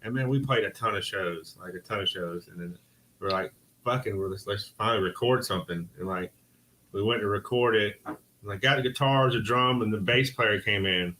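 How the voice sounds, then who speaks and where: A man's voice: lowish voice, fairly quick, bright, forceful tone, slight background noise, low-quality recording. A man in a band telling loose, profane stories in casual podcast chat. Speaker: band member.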